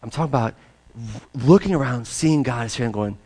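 A man preaching a sermon, telling a personal story in an animated way that swings from loud to hushed. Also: mid-range voice, brisk, poor audio. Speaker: pastor.

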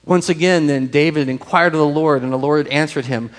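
Man preaching an animated sermon. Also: a little high, brisk, few pauses, in a large hall, poor audio. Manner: animated storytelling, acts out quoted voices, drops to soft hushed tones. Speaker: pastor.

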